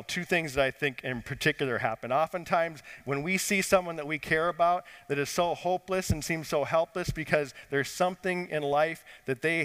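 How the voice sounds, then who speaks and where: A pastor preaching a sermon, swinging from lifted, urgent lines down to quiet, low emphasis. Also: male voice, smooth. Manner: dynamic preaching, rising and dropping to quiet emphasis. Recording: long hall reverb.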